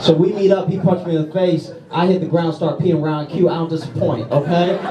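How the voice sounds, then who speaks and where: Self-deprecating stand-up comic in an echoey venue. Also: male voice, a little high, fairly even intonation, brisk, recorded from a distance. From Louisiana, USA. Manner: self-deprecating, conversational, frequent "okay?" asides. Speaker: stand-up comedian. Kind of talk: stand-up routine. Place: large comedy venue with audience. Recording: echoey live venue audio from afar, crowd laughter.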